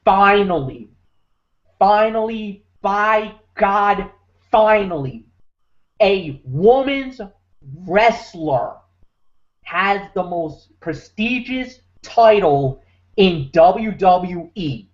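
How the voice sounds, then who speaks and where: A man's voice: high voice, expressive, extremely slow. A man hosting a wrestling recap show, talking with emphatic, preacher-like force. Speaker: podcast host. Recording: muffled lo-fi audio.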